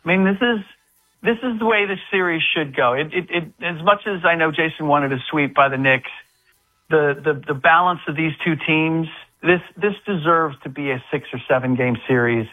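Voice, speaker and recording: A man's voice: fairly high pitch, moderate pace. A man, a guest sports analyst, chatting casually about basketball with many restarts and fillers. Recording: tinny phone line.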